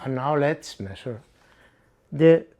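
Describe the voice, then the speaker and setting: A man talks through a guitar setup at his workbench, going step by step and repeating the key numbers. His voice is lively and animated, with plenty of rises and falls as he stresses each point. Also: on the high side, slow pace. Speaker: guitar tech and channel host. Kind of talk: hands-on setup tutorial.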